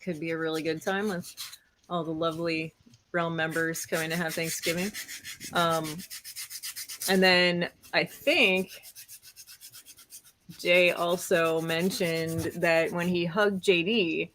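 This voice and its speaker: A woman co-hosting a casual livestream, relaxed as she reads out messages from the chat. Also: on the low side, slow pace, long pauses. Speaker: co-host reading the chat.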